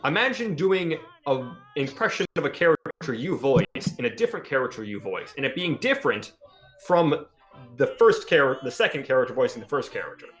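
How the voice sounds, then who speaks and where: A man's voice: medium pitch, sing-song, brisk, a bit bright, soft background music. A man chatting casually with friends, explaining things with eager enthusiasm. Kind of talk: casual chat among friends.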